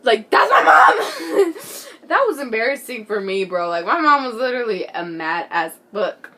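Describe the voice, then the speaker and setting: A teenage girl chatting through a storytime vlog with a bright, clear voice. She is excitable and giggly and leans on "like" and "bro". Some lines drop to a near whisper, with a faint hiss behind her. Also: on the high side, normal speed. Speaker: vlogger.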